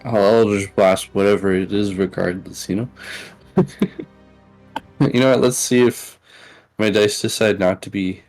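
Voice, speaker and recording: A man playing a tabletop game, laid-back and thinking out loud. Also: on the low side, fairly even intonation, a little slow, pauses often, faint music behind, poor audio. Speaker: player. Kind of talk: casual tabletop game play.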